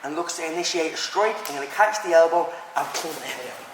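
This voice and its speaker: Fast-talking man demonstrating technique. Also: on the high side. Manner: quick, step-by-step explaining. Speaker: self-defence demonstrator. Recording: echoey hall, background noise.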